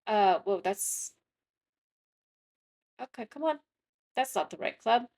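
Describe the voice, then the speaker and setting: A young woman talks casually over her gameplay in a somewhat higher voice. She rambles, trails off, and restarts her sentences, filling the gaps with plenty of ums. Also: lively intonation, slow, darkish tone. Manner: rambling, chatty, frequent self-corrections and fillers. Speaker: gaming content creator.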